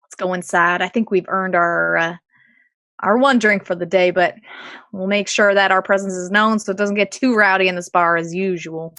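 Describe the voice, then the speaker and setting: A woman speaking as her character in a tabletop game, with a bright, forceful tone and a folksy turn of phrase. The recording is dry and close. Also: mid-range voice, steady tone, no room sound. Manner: folksy, brisk in-character talk. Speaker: player.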